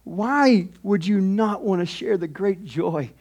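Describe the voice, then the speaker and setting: High-voiced, animated male preacher. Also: slow pace. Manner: animated preaching, shifting from loud exhortation to hushed intimacy. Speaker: pastor. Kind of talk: sermon. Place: church sanctuary.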